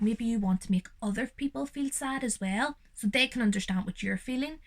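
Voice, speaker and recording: A young woman reading a picture book aloud to young children and explaining it gently and reassuringly, as their teacher. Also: on the high side, a little fast, few pauses.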